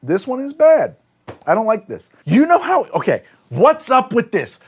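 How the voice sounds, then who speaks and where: Animated sarcastic man reviewing ciders. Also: extremely high pitch, moderate pace, slightly rough. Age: adult, says he is not that old. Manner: animated, sarcastic, scolds the drinks directly. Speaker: drinks show host. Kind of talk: comedic tasting review.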